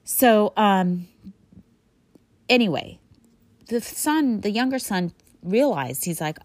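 A woman's voice: medium pitch, expressive, takes it slowly, pauses often, darkish tone, no echo. A woman retelling a Bible story in a casual, rambling way, full of fillers. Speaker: Bible teacher.

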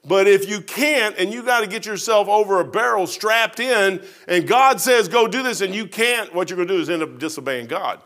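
A middle-aged man preaching in a folksy, animated way, telling a long personal story to his congregation. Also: high-pitched, a little fast, hardly any pauses. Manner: animated, folksy storyteller with Southern-style grammar.

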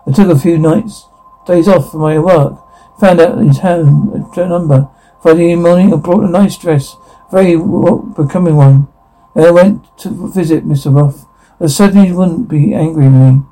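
A man's voice: fairly high pitch, warm tone, poor audio. A man reading as a wistful, lonely schoolteacher woman. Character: lonely shy woman teacher, smitten. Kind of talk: amateur reading of a radio play.

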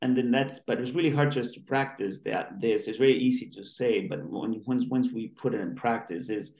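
Being interviewed as a guest, this male doctor speaks at normal speed, medium pitch and slightly mellow. His earnest talk wanders and keeps restarting, captured with a roomy echo.

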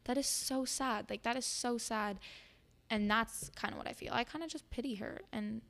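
Teen girl on a podcast, kinda high voice, rambly storytelling, lots of "like". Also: moderate pace, vocal fry, fairly bright tone. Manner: chatty storytelling full of "like" fillers. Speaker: podcast guest. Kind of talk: casual chat.

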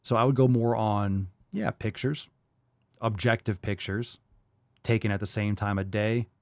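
A man's voice: lowish voice, measured pace, no room sound. A man hosting a podcast who answers a caller's question in blunt, rambling, direct coaching talk. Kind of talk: casual advice talk.

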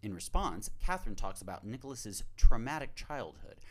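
A man's voice: fairly low pitch, big pitch swings, normal speed. A man casually reading a movie synopsis aloud as a podcast host, swearing, rambling off on tangents and laughing between lines.

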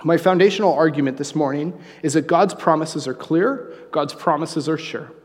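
A man preaching a sermon, conversational and joking, with animated asides. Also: on the high side, moderate pace, long reverb tail. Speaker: pastor. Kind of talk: sermon with humorous story.

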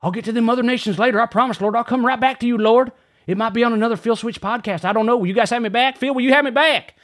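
A man voicing an excitable, rambling male reverend in a comedic mock prayer. He says "Lord" after nearly every phrase and trips over his words. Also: extremely high pitch, fast talker. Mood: fervent. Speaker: guest preacher character. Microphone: studio dynamic mic.

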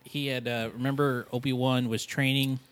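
A man's voice: mid-range voice, little pitch movement, normal speed, no echo. Laid-back man who laughs often. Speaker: podcast host. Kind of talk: casual chat.

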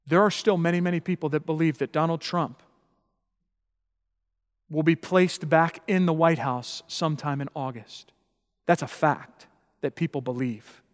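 A man preaching a sermon as pastor, emphatic and building to loud, passionate peaks. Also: fairly high pitch, fairly even intonation, a little slow, long pauses, big-room sound.

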